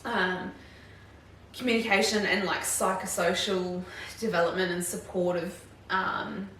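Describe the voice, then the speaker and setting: A woman, co-hosting a casual podcast chat as a nurse, thinking out loud with many fillers. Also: on the low side, fairly even intonation, unhurried, slight background noise. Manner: thoughtful, rambling, many "like" and "um". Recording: roomy room, distant mic, faint ambience.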